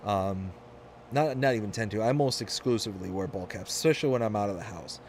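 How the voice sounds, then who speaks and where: A man's voice: fairly low pitch, fast, darkish tone, slight background noise. A man from Michigan hosting a live game stream, chatting casually and rambling through stories with frequent restarts. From Michigan, USA.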